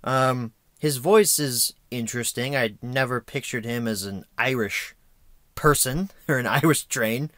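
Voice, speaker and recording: A man's voice: medium pitch, a little slow, a bit bright, no echo, clean studio sound. A young American man giving an unscripted, rambling video review with sarcastic, self-mocking asides. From United States.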